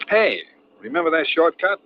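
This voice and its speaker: A man's voice: on the high side, very animated, moderate pace. An actor playing an impatient married man driving in traffic in a 1950s radio drama, grumbling restlessly. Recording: muffled old radio broadcast with faint hiss.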